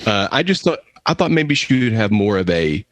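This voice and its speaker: Lively low-voiced man, mock-serious. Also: moderate pace, no room sound. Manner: mock-serious, playful scolding. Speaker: podcast co-host. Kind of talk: comedic news banter.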